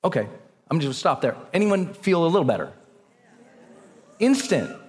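Energetic male seminar speaker in a reverberant hall. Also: fairly high pitch, moderate pace. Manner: energetic, coaching, leads the audience through breathing exercises. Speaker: motivational speaker. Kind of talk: live seminar talk to an audience. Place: large hall with a live audience. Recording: long reverb of a large hall.

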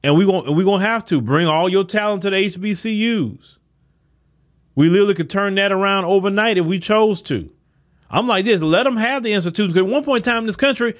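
Emphatic man with a higher voice, preaching. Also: big pitch swings, fairly quick. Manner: preachy, emphatic, rhetorical questions to listeners. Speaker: podcast host. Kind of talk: impassioned solo commentary.

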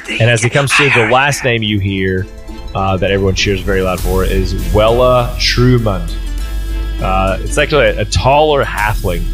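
Laid-back game master, man, lower voice, rambling narration, faint music behind. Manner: casual, rambling with many fillers.

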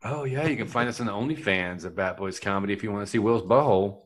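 A man's voice: fairly low pitch, fast. A man hosting a comedy podcast, joking and plugging the show in casual banter. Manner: upbeat, promotional, joking. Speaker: podcast host.

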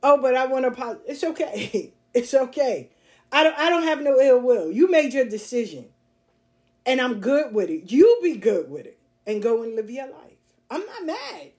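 A woman's voice: high-pitched, big pitch swings, normal speed, a little mellow. A woman hosting a podcast monologue, speaking bluntly and emphatically, repeating her points and laughing often. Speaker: podcast host. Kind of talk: casual monologue.

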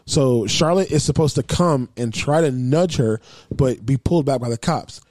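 A young adult man in casual podcast chat, retelling scenes in an excitable, slangy way. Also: medium pitch, moderate pace, no echo. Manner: excitable, loose slangy storytelling.

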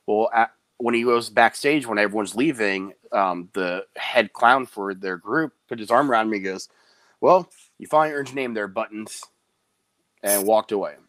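A man in casual interview chat, an animated storyteller who slips into quick high voices when he quotes people. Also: no echo. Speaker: guest, clown performer.

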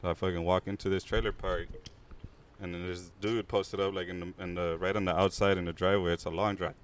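Young LA dude, kinda low voice, swearing a lot, telling a wild story to his boys. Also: quick pace, clear, resonant tone. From Los Angeles. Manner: slangy, profane, animated storytelling. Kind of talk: casual storytelling among friends.

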